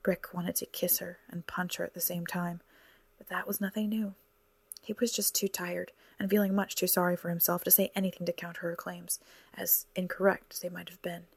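A woman narrating an audiobook in a soft, hushed, partly whispered delivery. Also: lowish voice, flat delivery, brisk, creaky, breathy edge, no echo.

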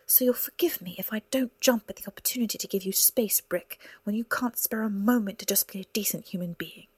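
A woman's voice: medium pitch, a little fast, slightly rough, no room sound, lightly acted. A woman reading a hurt young woman healer who speaks sharply and bitingly. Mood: angry. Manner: sharp, biting, rising to a shout. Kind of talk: audiobook character reading.

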